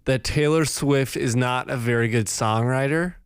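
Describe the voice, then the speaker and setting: A young man with a mid-pitched voice, talking bluntly and emphatically on a podcast. He makes brash jokes. The recording is dry and close. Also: normal speed, clean tone, no echo. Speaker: podcast co-host. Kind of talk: casual podcast chat.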